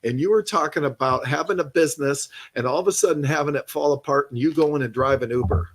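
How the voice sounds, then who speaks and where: A man's voice: on the high side, fast, slight background noise. A man hosting a podcast interview, talking in an emphatic, encouraging, casual way. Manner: emphatic, encouraging, says "dude" a lot. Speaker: podcast host.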